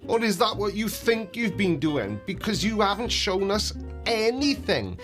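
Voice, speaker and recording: A man's voice: high-pitched, big pitch swings, a little slow, fairly bright tone, faint music behind. A man hosting a reaction video, mocking and sarcastic in his commentary.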